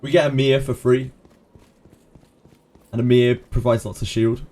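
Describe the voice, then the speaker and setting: A man with a mid-range, slightly mellow voice speaks in a level tone at a measured pace. He's a game streamer chatting casually with viewers on a live stream, answering them by name and laughing often.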